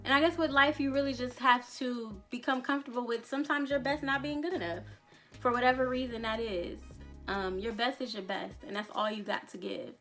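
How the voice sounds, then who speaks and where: A woman in her thirties vlogging in a casual, reflective way, candid and rambling, with frequent laughs and casual swearing. Her voice is bright and sits a little high. Faint music plays underneath. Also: fairly even intonation, brisk. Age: 30s. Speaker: vlogger, songwriter. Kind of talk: casual reflective chat to camera.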